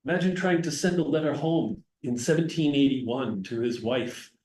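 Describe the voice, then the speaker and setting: A man's voice: medium pitch, normal speed, darkish tone. A man giving a casual, digressive history talk to an audience. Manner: conversational, digressive, jokes with the audience. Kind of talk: casual public history lecture. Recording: roomy sound from a distance.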